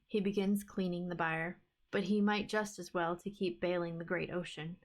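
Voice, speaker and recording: A woman reading a fairy tale aloud for a book club stream, in a steady, even storytelling manner. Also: fairly low pitch, normal speed.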